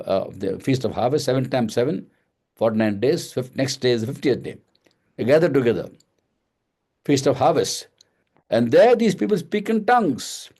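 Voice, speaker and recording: Mellow-voiced man teaching a Bible study. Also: medium pitch. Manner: explains verse by verse, repeats phrases, asks and answers his own questions.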